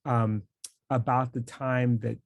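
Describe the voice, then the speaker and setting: Man, interviewer, rambling, gravelly, husky, dry close sound. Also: mid-range voice, little pitch movement, takes it slowly, dry recording. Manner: chatty, rambling, many fillers and restarts. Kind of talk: conversational interview.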